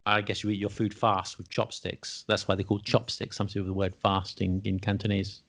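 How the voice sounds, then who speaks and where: A man's voice: lowish voice, flat delivery, fairly quick, creaky, fairly bright tone. A man hosting a casual podcast chat, quizzing his guest on word origins with playful, teasing repeats. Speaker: podcast host.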